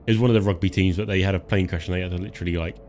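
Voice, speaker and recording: Low-voiced joking gamer streaming live. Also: male voice, steady tone, rapid-fire, a little mellow. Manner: joking, chuckles often, self-talk while playing. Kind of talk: casual live game commentary.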